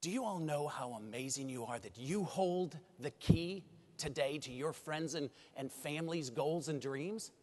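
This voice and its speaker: A man giving a motivational keynote speech at a conference, an animated storyteller who addresses the audience directly. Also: on the high side, a little slow, husky. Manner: animated storyteller, acts out dialogue. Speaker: keynote speaker. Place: large conference hall. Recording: reverberant hall.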